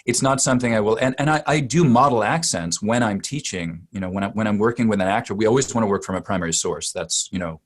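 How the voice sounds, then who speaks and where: Guy in his 40s, dialect coach, slightly low voice, talks it through slowly with lots of ums and restarts. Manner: thoughtful, with many fillers and restarts. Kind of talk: conversational interview answer.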